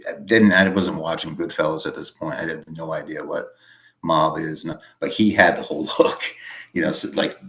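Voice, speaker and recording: A man with a Boston accent telling a long personal story in casual chat, halting and full of fillers. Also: very deep voice, fairly even intonation, a bit bright. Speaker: podcast guest.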